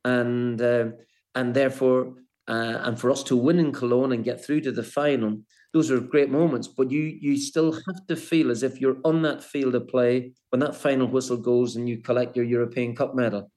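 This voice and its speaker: Older man, interview guest, middle pitch, halting, repeats words. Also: steady tone, a little mellow. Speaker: former footballer, guest. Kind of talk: interview, storytelling.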